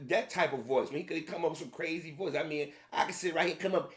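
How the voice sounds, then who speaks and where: A man's voice: on the high side, fast talker, few pauses, fairly bright tone. A man giving a heated opinion rant, repeating himself and speaking straight to his audience. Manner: heated, repetitive, addressing the audience directly. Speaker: commentator.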